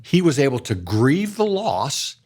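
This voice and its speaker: An older man, telling an earnest personal story in a casual way, going soft and hushed when he quotes his own gentle words. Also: on the high side, very animated, unhurried. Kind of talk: casual storytelling in a faith-based talk.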